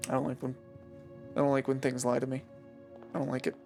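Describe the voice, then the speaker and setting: A streamer in the middle of a live gameplay session, chatting casually and joking with the viewers. The voice sits at an ordinary middle pitch, and the talk stays playful and teasing throughout. Faint game music plays underneath. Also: completely flat delivery, fast talker, gravelly, darkish tone. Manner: joking, teasing, talks to chat.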